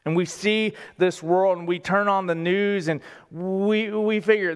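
A pastor delivers a sermon in a high, unhurried voice, leaning on key words and putting questions to the congregation. The recording carries the long reverb of a large church hall. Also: male voice, fairly even intonation, clear, resonant tone. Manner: deliberate, emphatic, asks the congregation questions.

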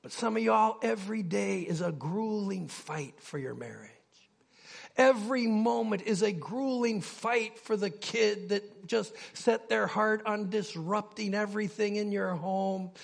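High, gravelly-voiced impassioned preacher man. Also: measured pace. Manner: impassioned, builds to near shouting. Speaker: pastor. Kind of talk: sermon.

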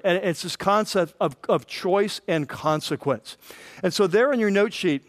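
A man preaching a sermon, reading scripture and acting out the voices in it with lively emphasis. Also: sits high, no room sound, studio quality. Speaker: pastor.

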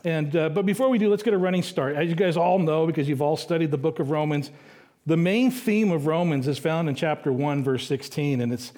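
A middle-aged male pastor giving a conversational sermon, slowing down to read scripture aloud. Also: a little high, dark tone. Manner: conversational preaching, reads scripture slowly.

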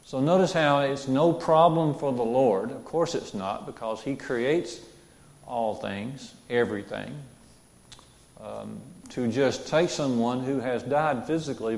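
A man with a gravelly, creaky voice teaches scripture verse by verse at an unhurried pace. He talks earnestly, repeats key phrases and puts questions to his listeners. The echoey room adds reverb to his voice. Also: medium pitch, a little mellow. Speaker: Bible teacher.

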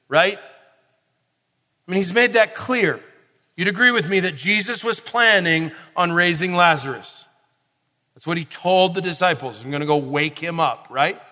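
A man preaching a sermon in a conversational way, asking his listeners questions and building to forceful emphasis. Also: fairly high pitch. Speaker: pastor. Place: church or camp meeting hall. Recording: long reverb of a large hall.

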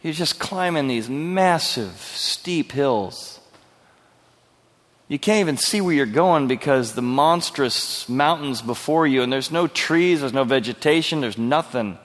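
A man's voice: medium pitch, lively intonation, measured pace, fairly bright tone, big-room sound. A male pastor preaching a verse-by-verse sermon in an earnest, conversational way, asking his listeners questions.

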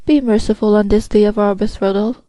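A woman reading as a soft, pleading young bride. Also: mid-range voice, steady tone, brisk, dry recording, natural voice, poor audio.

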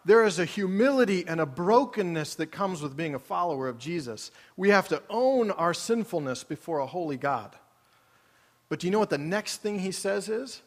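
A man's voice: high voice, animated, normal speed. A man preaching a sermon to a large congregation in a conversational way, often putting questions to the room. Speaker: pastor. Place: large church auditorium. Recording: long hall reverb.

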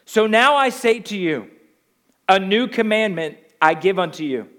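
A man with a high, light voice preaches a sermon in a New Jersey accent. He drives his points home with repeated rhetorical questions, leaning hard on key phrases. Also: animated, a little slow, fairly bright tone. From Northeastern US. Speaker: pastor.

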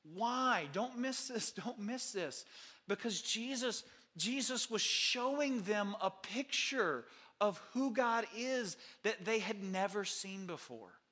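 Bright-voiced male preacher, high and tense. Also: expressive, slow. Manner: reads scripture then preaches with rising energy, asks the congregation questions. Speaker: pastor. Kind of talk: sermon.

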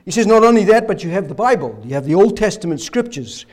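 A man preaching a sermon with rhetorical questions, hoarse, his voice failing and breaking into coughs. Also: high voice, animated, quick pace, darkish tone. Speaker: pastor.

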